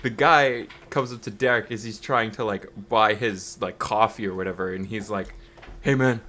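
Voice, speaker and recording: Low-voiced man telling a rambling story. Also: fairly even intonation, normal speed, bright, forceful tone. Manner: rambling, profane, acts out quotes. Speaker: podcast co-host. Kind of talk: casual storytelling.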